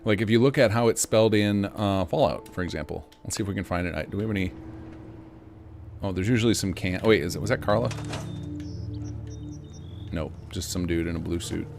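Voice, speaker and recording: A man's voice: low-pitched, brisk, creaky, pauses often, a little mellow, soft background music. An American man chatting casually to viewers on a live game stream, rambling in a chatty way. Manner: rambling, chatty, talks to chat.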